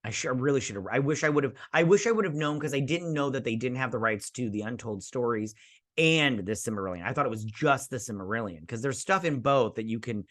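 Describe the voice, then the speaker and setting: A man's voice: medium pitch, lively intonation, a little fast, fairly bright tone, no room sound, studio quality. Rambling, sarcastic male reviewer. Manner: rambling, sarcastic, acts out characters. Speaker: show host reviewing a TV episode. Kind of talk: casual review.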